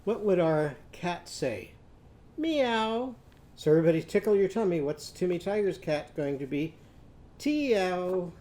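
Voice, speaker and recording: A man teaching a children's literacy lesson, modeling speech sounds slowly and leading the class to repeat them. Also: a little high, dark tone.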